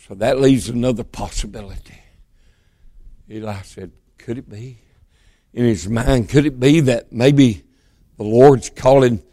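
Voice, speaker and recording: A man from Georgia preaching a sermon, telling the story in a folksy way that swings between emphatic bursts and hushed, quiet moments. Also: mid-range voice, no room sound.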